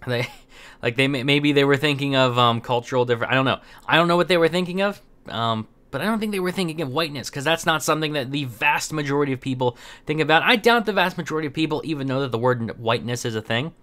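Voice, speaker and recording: A man's voice: on the high side, fast, fairly bright tone. A young man giving casual opinion commentary as host, rambling with many fillers and restarts.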